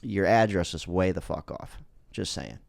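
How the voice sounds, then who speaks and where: A man hosts a casual solo podcast in a fairly low voice. He talks bluntly and rambles, swearing freely. The sound is dry and close. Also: moderate pace, creaky, dry recording. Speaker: podcast host.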